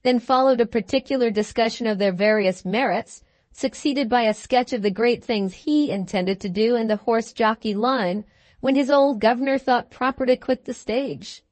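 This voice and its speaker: A woman reading a classic novel aloud as an audiobook narrator, in an even, measured manner. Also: a little high, dry recording. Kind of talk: scripted narration.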